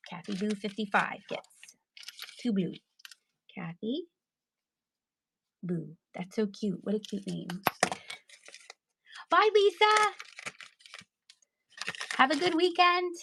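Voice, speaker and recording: A woman's voice: a little high, animated, takes it slowly, gravelly, pauses often, noisy background. A middle-aged woman from Pennsylvania hosting a live-stream sale, chatty and playful, with giggles and sing-song asides. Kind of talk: casual live-sale chat.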